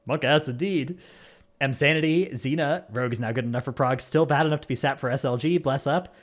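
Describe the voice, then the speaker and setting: A man's voice: medium pitch, a little fast. A man hosting a gaming podcast, reading out supporter names in an easygoing way with jokey asides. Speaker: podcast host. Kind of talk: casual gaming podcast chat.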